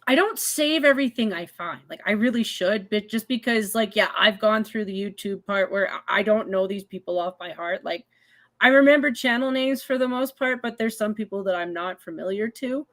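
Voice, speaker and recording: A woman from Canada talks at an ordinary pitch as a show co-host. She sounds chatty and a bit snarky. Her speech is full of "like" and little restarts. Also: expressive, moderate pace. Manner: chatty, filler-heavy, snarky. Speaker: podcast co-host. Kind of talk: casual chat.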